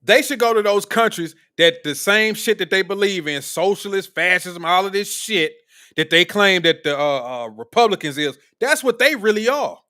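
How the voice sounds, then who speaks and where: A man's voice: sits high, animated, moderate pace, sharp tone. A man hosting a live political commentary stream, talking in a blunt, profane, combative way. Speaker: streamer host.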